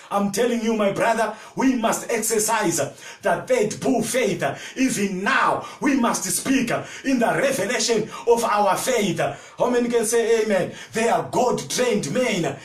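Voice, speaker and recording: A male pastor preaching a fervent sermon, often shouting and calling out to the congregation for replies. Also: sits high, a little slow, faint music behind. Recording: echoey room, from far off.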